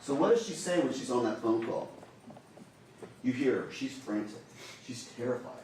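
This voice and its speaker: A man's voice: mid-range voice, lively intonation, normal speed, darkish tone. A man arguing a case to a jury in a large courtroom, speaking with emphatic urgency. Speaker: trial attorney. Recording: very echoey courtroom audio from a distant mic with faint hiss.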